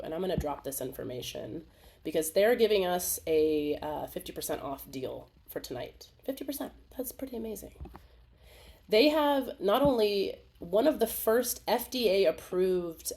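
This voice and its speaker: A woman with a fairly low voice hosts a casual live webinar over a video call. She talks in an animated, chatty way, laughing often and slipping into little acted-out voices. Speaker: webinar host.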